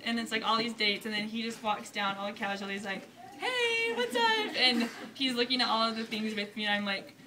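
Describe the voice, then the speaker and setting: A young woman telling a story casually to an audience, bubbly and animated, laughing often. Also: fairly high pitch, fast talker, few pauses, distant mic, noisy background. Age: young adult. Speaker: newly engaged college student.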